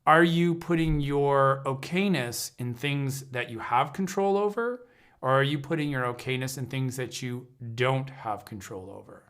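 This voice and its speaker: An earnest man of medium pitch gives a reflective talk to a livestream audience. He speaks as an intuitive counselor, often breaking off and restarting his sentences while he searches for how to put a thought. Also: a little slow, fairly bright tone. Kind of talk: reflective spoken teaching on a livestream.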